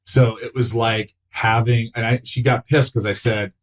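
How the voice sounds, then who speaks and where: In a roughly recorded podcast conversation, a middle-aged actor with a mid-range voice and normal pace tells stories casually. He's animated, acts out other people's lines in put-on voices, and swears freely.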